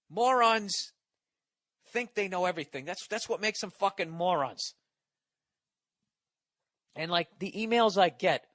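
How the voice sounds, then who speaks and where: A man's voice: on the high side, a bit bright, no room sound. A man delivering a profane, exasperated comedy rant as a podcast host, often stammering through restarts. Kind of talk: ranting comedy monologue.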